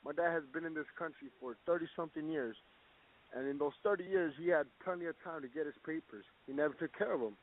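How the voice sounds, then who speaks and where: Mexican guy ranting, swears a lot, kinda high voice, sounds like a phone line. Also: quick pace. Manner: blunt, profane, rambling. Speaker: boxer, guest segment. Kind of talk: casual recorded opinion segment.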